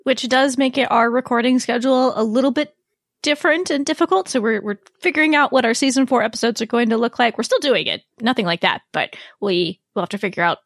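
A woman's voice: fairly high pitch, quick pace, no echo, clean studio sound. A woman co-hosting a podcast in casual chat, weighing theories and qualifying her points. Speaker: podcast co-host.

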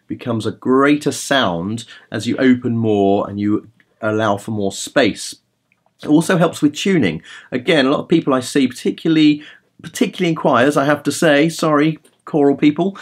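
A man in his thirties hosting a podcast as a vocal coach, talking in a relaxed, rambling way with plenty of fillers. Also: medium pitch, moderate pace, slightly rough. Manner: demonstrates sung vowel sounds. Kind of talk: casual podcast talk with vocal tips.

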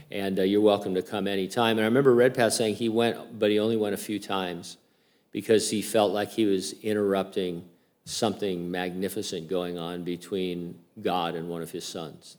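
An older male pastor preaches in a relaxed, conversational way. He talks like he is chatting with friends, stopping often to restart a thought. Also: low-pitched. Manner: chatty and informal, with many fillers and restarts. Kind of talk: casual conversational sermon.

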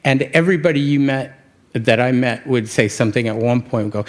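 A man from New York City telling a reflective personal story, often halting and restarting his words and chuckling at himself. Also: medium pitch. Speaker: speaker sharing a personal story.

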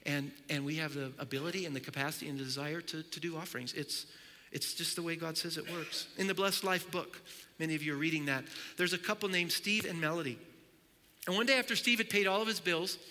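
A man preaching a sermon as pastor, telling stories with animated acted-out dialogue. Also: sits high, in a large hall.

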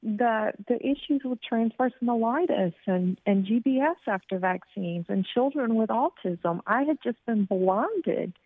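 Gravelly woman on a tinny phone line. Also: a little high, animated, dry recording. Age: 40s. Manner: earnest, halting. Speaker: guest, healthcare worker. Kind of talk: interview.

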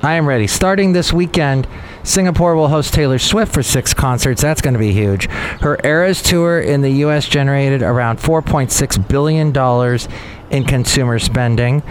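A man's voice: mid-range voice, normal speed, a little hiss or hum. A man hosting a podcast in casual, meandering chat, often correcting himself as he goes. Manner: meandering, self-correcting, chatty. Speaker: podcast host.

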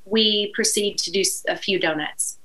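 Bright, animated Texan woman. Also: medium pitch, moderate pace, poor audio. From East Texas. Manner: animated, laughs through her story. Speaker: guest musician. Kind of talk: casual storytelling.

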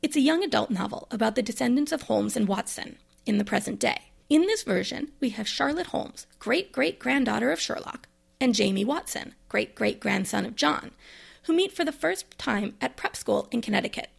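A woman's voice: fairly high pitch, expressive, moderate pace, vocal fry, husky. A woman, a librarian, chatting casually about books she received, with bookish asides and enthusiasm. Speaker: librarian and podcast host. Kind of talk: casual book review monologue.

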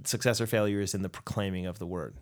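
A man's voice: sits low, steady tone, quick pace. Male podcast co-host, conversational explainer, casual chat. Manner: conversational, explains with quoted asides. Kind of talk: casual theological discussion.

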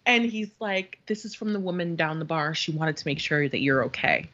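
A woman's voice: low voice, fairly quick, highs cut off. A woman in her thirties co-hosting a podcast, telling a story in casual chat, acting out what others said, swearing and laughing often. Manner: animated storyteller, acts out quotes, swears freely, laughs often. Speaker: podcast co-host.

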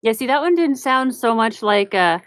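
A woman's voice: a little high, animated, moderate pace, a bit bright, no room sound, studio quality. A woman co-hosting a podcast in casual chat, playful and teasing. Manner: playful and teasing, often laughing. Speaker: podcast co-host.

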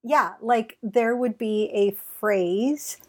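A woman co-hosting a casual movie podcast, animated and laughing. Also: on the high side. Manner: animated, laughing, quick bursts. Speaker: podcast co-host. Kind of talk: casual chat.

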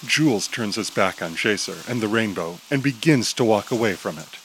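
A man narrating an audio drama in a steady, descriptive storytelling manner. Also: fairly low pitch, normal speed, few pauses, slight background noise, poor audio.

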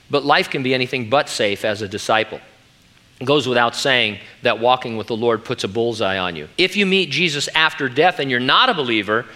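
Middle-aged male pastor, sermon, earnest, emphatic, bright forceful voice. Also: medium pitch.

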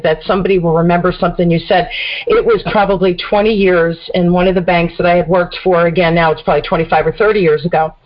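A middle-aged woman hosting a radio talk show, telling a story in a casual, animated way. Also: fairly low pitch. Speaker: host. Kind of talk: casual chat. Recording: dull lo-fi radio audio.

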